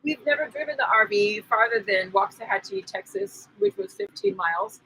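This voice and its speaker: A woman telling a story in casual conversation as a spiritual teacher co-hosting a live stream, animated and laughing as she acts out the people in it. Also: sits high, moderate pace, gravelly, slight background noise, poor audio. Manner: animated, acts out quoted voices, laughs often.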